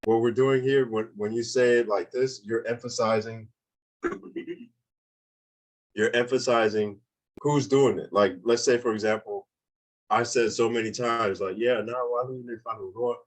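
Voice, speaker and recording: A man's voice: medium pitch, steady tone, a little slow, long pauses, poor audio. A man teaching a beginners' language class online, explaining grammar in a casual way, often repeating points and checking in with "okay?".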